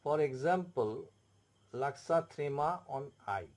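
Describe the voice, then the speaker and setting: A man with an Indian English accent teaching a French lesson, explaining slowly and repeating words and spelled-out letters. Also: a little high, animated, a little mellow. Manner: slow, repetitive, spells out letters. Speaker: French tutor. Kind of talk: classroom explanation.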